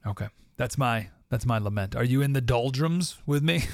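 Gravelly-voiced man hosting a podcast. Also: medium pitch, normal speed, few pauses, no echo, studio quality. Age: adult with a young child. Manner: conversational, quotes scripture, talks to listeners directly. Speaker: podcast host. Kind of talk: reflective podcast monologue.

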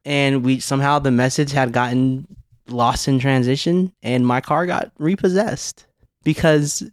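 Male podcast co-host, mid-pitched, animated storyteller who swears freely, dry close mic. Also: a little slow, no room sound. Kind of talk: casual chat.

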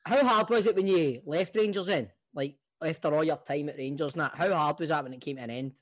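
A man's voice: fairly high pitch, quick pace. A man co-hosting a podcast, blunt and swearing in casual banter. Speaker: podcast co-host. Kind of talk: casual chat.

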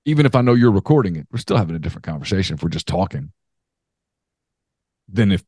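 Low-voiced man chatting sports. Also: very animated, quick pace, darkish tone, breathy edge, no echo, clean studio sound. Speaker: podcast co-host. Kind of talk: casual sports talk.

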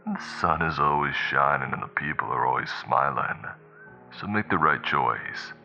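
A man voicing a male late-night radio DJ with smooth, slow salesman patter, heard through a radio speaker. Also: very deep voice, sharp tone, lo-fi sound, soft background music, full character voice. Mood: menacing.

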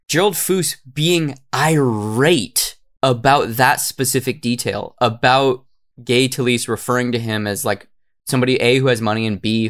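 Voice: medium pitch, fairly bright tone. A podcast co-host casually recapping a documentary, swearing often. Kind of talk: casual comedic chat.

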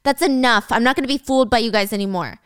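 Brief: woman doing an angry teen boy, forceful and indignant, raised pitch. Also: fast talker, clear, resonant tone, no echo, clean studio sound, close to an everyday voice. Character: angry teenage boy, protective and blustering.

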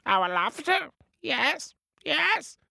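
Storybook parrot voiced by a man, squawky, high-pitched, polite, eager, sing-song, dry close sound. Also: sing-song, slow, vocal fry, sharp tone, no echo, full character voice. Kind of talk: storybook narration.

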